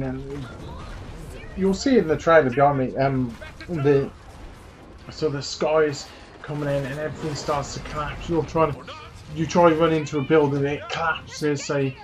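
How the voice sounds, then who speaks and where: A man's voice: medium pitch, unhurried. A man hosting a gaming channel, casually recapping a trailer in a chatty, rambling way full of fillers.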